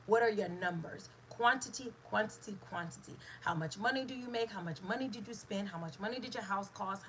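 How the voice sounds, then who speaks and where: A woman giving an inspirational talk as host, emphatic and repetitive, dropping to a hush for stress. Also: mid-range voice, slight background noise, poor audio. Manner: emotional, speaks to a live listener.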